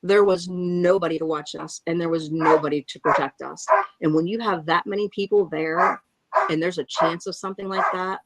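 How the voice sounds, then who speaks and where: A woman giving a halting, emotional eyewitness account, often breaking off and restarting. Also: sits low, very noisy. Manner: angry and frustrated. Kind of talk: emotional first-hand account.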